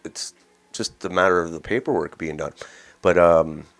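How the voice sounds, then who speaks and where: A man's voice: low voice, normal speed, faint music behind. A man hosting a daily news commentary show, talking in a blunt, rambling, mocking way. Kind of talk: casual opinion commentary.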